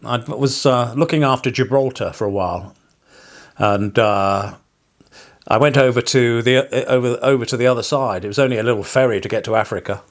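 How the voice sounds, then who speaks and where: An English parson chats casually to his viewers, drifting from one story to the next. His wry asides often end in a chuckle. His voice sits at an ordinary middle pitch. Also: a little fast. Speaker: parson and vlogger. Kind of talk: casual rambling vlog monologue.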